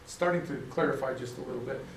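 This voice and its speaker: A man's voice: mid-range voice, quick pace, creaky, slight background noise. An American man teaching an informal church class, rambling and correcting himself in a folksy way. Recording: echoey room, mic at a distance.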